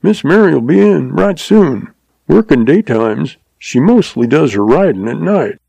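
A man's voice: on the high side, sing-song, a little slow, vocal fry, mellow, husky, no echo, voice pushed up, heavily acted. A man voicing a chuckling, folksy little old male stableman in a western audiobook, talking in a country drawl. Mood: chatty.

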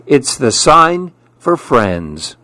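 A man's voice: medium pitch, big pitch swings, drawn-out words, sharp tone, heavily acted. A man reading aloud, voicing an upset young girl in a picture book who speaks with emphasis. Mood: emphatic. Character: upset young girl, hurt then forgiving.

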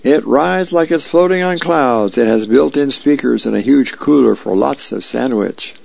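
A man voicing an overly polite male phone caller who pitches a prize with a salesy manner. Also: moderate pace, gravelly, a little mellow, no room sound, muffled recording. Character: smooth-talking adult male prize-line caller.

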